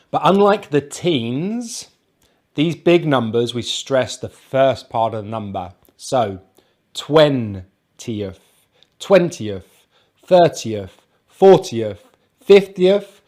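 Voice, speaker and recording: British male teacher, careful repeat-after-me delivery, mid-pitched voice, clear articulation. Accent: British English. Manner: slow, careful, repeats words for drilling; counts on his hands as he talks. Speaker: pronunciation teacher. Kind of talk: pronunciation lesson.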